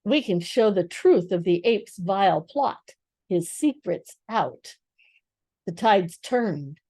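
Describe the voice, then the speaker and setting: A woman's voice: mid-range voice, animated, slow pace, mellow, dry recording. An older woman voicing a stern young king, speaking in a stately, commanding, raised voice for a storybook reading.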